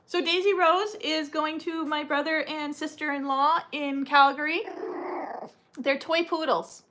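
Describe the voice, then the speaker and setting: A woman's voice: fairly even intonation, unhurried, heavy background noise. A woman hosting a casual livestream, talking in a rambling, chatty way with frequent ums and uhs. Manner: coos at puppies in a high baby-talk voice. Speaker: livestream host. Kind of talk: casual live chat.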